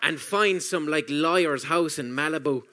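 A man's voice: fairly high pitch, normal speed, sharp tone. A man hosting a podcast, chatty and swearing as he tells stories. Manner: chatty, swears, laughs at his own stories. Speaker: podcast host. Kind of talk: casual chat.

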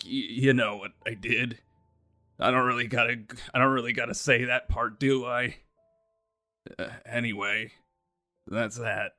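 A man playing a guilt-ridden young adventurer in a tabletop game, rambling with halting restarts and frequent swearing. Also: mid-range voice, bright, forceful tone. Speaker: player. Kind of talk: in-character tabletop role-play.

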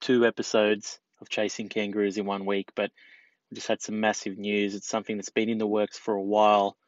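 A man's voice: fairly low pitch, level tone, fairly quick, dry recording, lo-fi sound. Upbeat podcast host man. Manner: enthusiastic, friendly, chatty. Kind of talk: casual podcast interview.

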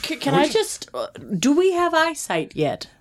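A woman's voice: high-pitched, huge pitch swings, normal speed. A woman playing a tabletop role-playing game, asking hesitant questions in casual chat. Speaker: player.

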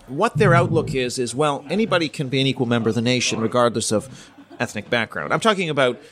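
A middle-aged man from Canada, a politics professor answering interview questions in a measured, explanatory way, thinking aloud with fillers and restarts. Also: medium pitch, expressive, a bit bright.

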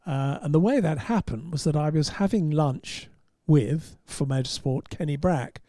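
An English man tells motorsport anecdotes in a wry, rambling way, often breaking off to restart a phrase. His voice sits a little high but sounds warm and mellow. The recording is dry and close. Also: moderate pace, dry recording. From England. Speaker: motorsport journalist. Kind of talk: casual anecdote on a podcast.

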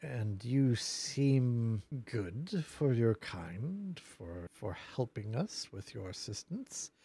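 A man's voice: mid-range voice, big pitch swings, takes it slowly, warm tone, slightly rough, dry recording, exaggerated voice. A man voicing a motherly phoenix in a tabletop game, talking wryly and chattily about her children.

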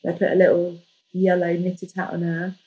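A woman, a podcast guest, telling a personal story in a lively, jokey way. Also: fairly low pitch, normal speed, poor audio. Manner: lively, jokey, animated retelling. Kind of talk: casual storytelling.

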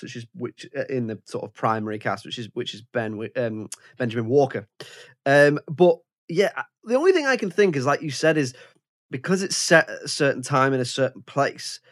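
A man hosting a casual film podcast. He stops and restarts often as he thinks aloud, at an ordinary mid pitch. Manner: halting, repeats words as he gathers thoughts. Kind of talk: casual film review chat.

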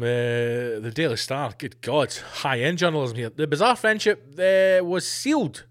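A man rants through a comic podcast monologue, swearing freely and dripping with sarcasm. His voice sits fairly high for a man, and he keeps breaking into mocking impressions. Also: a bit bright. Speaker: podcast host. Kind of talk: ranting comedic monologue.

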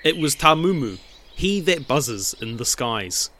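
A man telling a dramatic retelling of a legend in measured, deliberate narration. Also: medium pitch, very animated, bright, forceful tone, slight background noise. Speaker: storyteller.

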